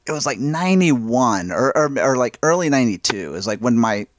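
A middle-aged man hosting a podcast, telling a story in a relaxed, rambling way with quick asides. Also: medium pitch, dry recording, studio quality. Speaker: podcast host. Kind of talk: casual chat.

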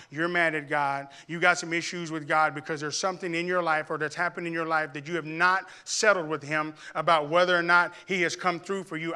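A man from Arkansas preaching a sermon in church, telling a personal story and building to loud, emphatic preaching. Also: fairly high pitch. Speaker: pastor.

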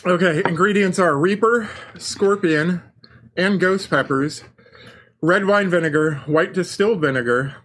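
Husky-voiced joking man. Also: high-pitched, unhurried, a bit bright. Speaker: podcast co-host. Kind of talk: casual chat.

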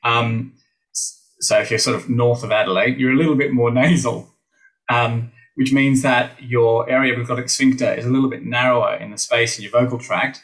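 A man's voice: medium pitch, steady tone, moderate pace, a bit bright, poor audio. A middle-aged Australian man, a voice teacher, talking animatedly in a podcast interview, with playful asides to the listeners. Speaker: guest, voice teacher.

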